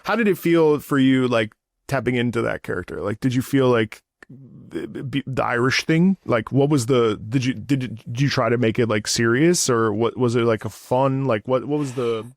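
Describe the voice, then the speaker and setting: A man's voice: medium pitch, no room sound, studio quality. A man hosting a casual interview, asking rambling questions with many restarts. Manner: halting, restarts questions often. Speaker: host.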